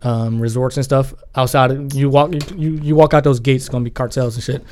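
A man's voice: mid-range voice, fairly even intonation, brisk, darkish tone. A young man co-hosting a casual podcast, laid-back and laughing often. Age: young adult. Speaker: podcast co-host. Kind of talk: casual chat.

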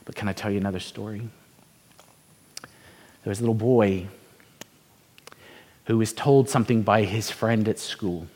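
A man's voice: fairly low pitch, normal speed, pauses often, a little mellow. Man preaching in a reverberant hall. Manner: conversational preaching with rhetorical questions. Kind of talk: sermon with storytelling.

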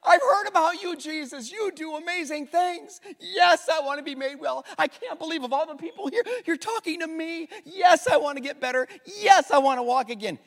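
A man's voice: high-pitched, lively intonation, measured pace. A preacher voicing a paralyzed man who pleads and complains, with long hall reverb. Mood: eager. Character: paralyzed man by a pool, whiny, full of excuses.

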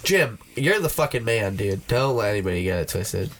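A man's voice: on the low side, very animated, normal speed, fairly bright tone, a little hiss or hum. A man co-hosting a podcast, trading crude jokes and teasing his friends in casual banter. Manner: joking, teasing, swears a lot. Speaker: podcast co-host.

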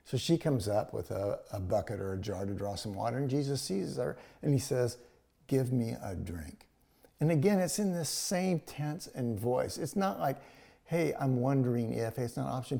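A man's voice: mid-range voice, vocal fry, dark tone. A man preaching a sermon, retelling a scripture story in a conversational way with paraphrased dialogue.

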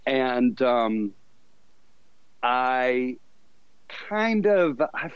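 A man's voice: medium pitch, sing-song, very slow, clean tone, no echo. Southern guy in his 50s rambling thru old stories, laughs at himself a lot, kinda dull lo-fi sound. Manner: rambling, self-deprecating, laughs often. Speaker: podcast guest, fashion designer. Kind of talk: casual storytelling interview.

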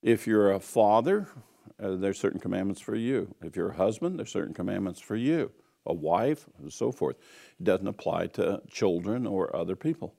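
A man's voice: sits low, lively intonation, moderate pace, vocal fry, dark tone. A man giving an earnest teaching sermon on scripture, emphatic and repeating key phrases. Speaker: Bible teacher.

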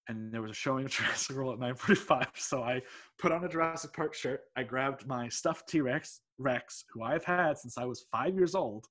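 A man who teaches English telling a personal story in a rambling, excitable way, swearing freely and laughing mid-sentence. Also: medium pitch, moderate pace. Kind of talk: casual anecdote telling.

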